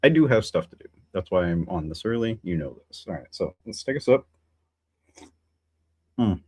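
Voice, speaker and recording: A man's voice: deep voice, animated, moderate pace, husky, no room sound. A man hosting a casual solo livestream, rambling and musing in a philosophical way, with chatty asides to his viewers. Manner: many fillers and restarts, chatty asides to viewers. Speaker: livestream host.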